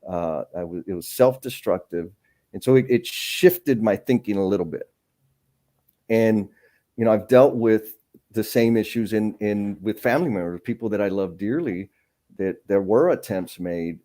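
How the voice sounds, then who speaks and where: A man's voice: lowish voice, normal speed, mellow. A man hosting a live stream, speaking candidly and earnestly about his own past struggles in a reflective, conversational way. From San Antonio, Texas. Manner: candid, earnest, thinks aloud with restarts.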